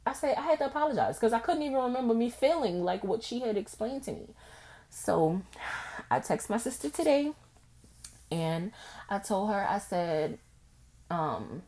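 A young woman hosts a solo podcast. She talks candidly and expressively. She acts out old conversations in a raised, animated voice. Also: on the low side, moderate pace. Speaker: podcast host. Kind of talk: casual solo podcast monologue.

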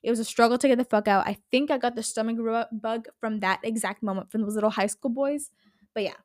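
Girl doing her own podcast, kinda high voice, cussing nonstop, rambly and animated. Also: quick pace, no room sound, clean studio sound. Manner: animated, swears a lot, rambling storytelling. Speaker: podcast host. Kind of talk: casual solo podcast chat.

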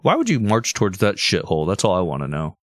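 Low-voiced guy on a history podcast, deadpan crude one-liners, voice jumps around a lot, dry close sound. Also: fast talker, no echo. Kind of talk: casual comedic banter.

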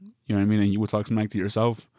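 A man's voice: fairly low pitch, level tone, racing, mellow, dry recording, studio quality. A man from the West Coast, hosting a solo podcast, riffing through a meandering, wry comedic monologue with many self-interruptions.

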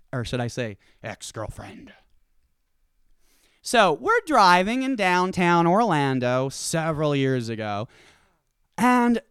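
A man from the Southern United States, a comedian and podcast host, ranting in a profane stand-up style that swings between loud outbursts and low asides. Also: clear, resonant tone, dry recording, studio quality.

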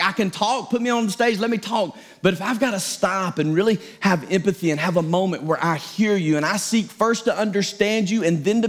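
High-voiced man preaching conversationally. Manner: conversational, self-deprecating preaching with quoted asides. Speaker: pastor. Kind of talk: sermon.

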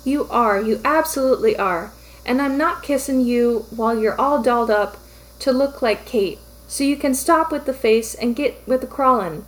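A woman reading a fan fiction story aloud, voicing a gruff, exasperated male ex-soldier in short hissed and growled lines. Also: fairly high pitch, normal speed, lightly acted, low-quality recording. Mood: dry.

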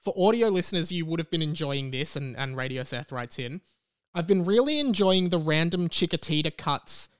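Young Aussie male host, brisk rambling storyteller, slightly high, smooth clear voice, dry close room. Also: dry recording. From Australia. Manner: animated, breathless venting. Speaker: podcast host.

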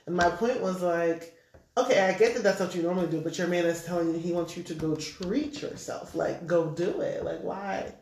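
A man's voice: high voice, normal speed, crowd noise. A man talking loosely in a casual group chat, rambling and laughing often. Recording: echoey room, off-mic, faint noise.

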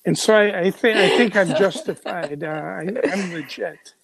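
In a gravelly, high-sitting voice at a moderate pace, an older Chicago journalist rambles through interview stories. He often uses fillers and restarts his sentences.

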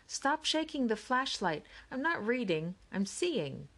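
A woman's voice: fairly high pitch, sing-song, slow pace, fairly bright tone, voice pushed up, exaggerated voice. A woman reading an audiobook, voicing a small, stubborn young boy who gives blunt, short answers.

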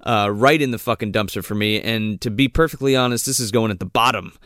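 A man's voice: lowish voice, quick pace, a bit bright, no room sound, clean studio sound. A man co-hosting a casual film-review chat, blunt and profane in his opinions. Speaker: podcast co-host reviewing a film.

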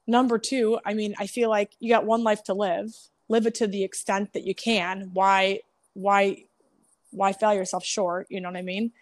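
A woman's voice: mid-range voice, no room sound. A woman who owns a salon, telling stories candidly and laughing often, frank and self-deprecating with casual swearing. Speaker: salon owner, guest. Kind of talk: candid storytelling.

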